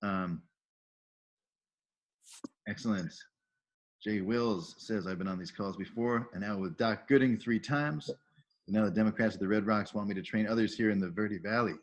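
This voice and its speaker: Middle-aged male host, lowish voice, video-call sound, chatty and enthusiastic, greets everyone warmly with praise. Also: normal speed. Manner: enthusiastic, reads out chat messages with upbeat praise. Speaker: volunteer trainer and call host. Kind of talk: casual welcoming on a video call.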